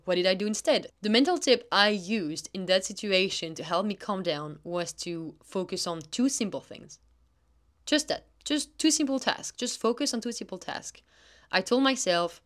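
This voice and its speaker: A woman's voice: medium pitch, moderate pace. A young woman hosting a solo podcast, speaking in an earnest, encouraging coaching tone. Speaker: podcast host, athlete.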